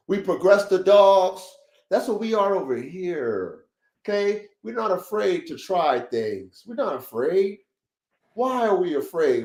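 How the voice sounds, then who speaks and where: A man hosting a casual dog-breeding podcast livestream, talking in an emphatic, preachy, repetitive pep-talk style with plenty of swearing. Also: high-pitched. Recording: roomy echo.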